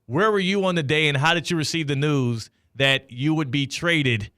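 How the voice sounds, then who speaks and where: Bright-voiced radio host guy, kinda high, jokey and teasing, dry mic. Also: normal speed, no room sound. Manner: playful, teasing questions. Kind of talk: casual sports radio interview.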